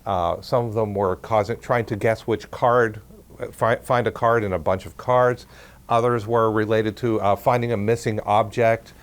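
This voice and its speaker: A man, a researcher, telling a story in a relaxed conversational talk and acting out the quoted dialogue. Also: on the low side, moderate pace. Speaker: parapsychology researcher.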